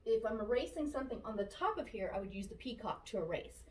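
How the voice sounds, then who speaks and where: A woman talks through her furniture painting as she works, calmly narrating each stroke and repeating her steps. She sits back from the mic in a shop workspace with an echoey sound. A faint hum of the room stays behind her voice. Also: on the high side, quick pace, far from the mic. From Florida, USA. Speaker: furniture painter demonstrating technique. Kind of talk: casual how-to narration while working.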